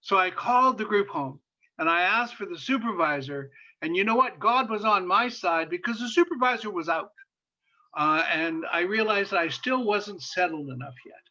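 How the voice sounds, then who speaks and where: A man lectures as a guest speaker in a high, bright voice, telling a story with rising passion. He repeats words for emphasis and often stops on fillers. The recording sounds dull and lo-fi. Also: lively intonation, moderate pace. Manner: impassioned, repeats phrases for emphasis, many fillers. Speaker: guest speaker on sexuality and disability.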